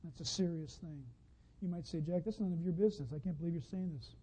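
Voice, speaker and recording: A man preaching a sermon, telling a story as he goes, dropping from hushed to loud excited outbursts. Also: on the high side, fast talker, breathy edge, low-quality recording. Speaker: pastor.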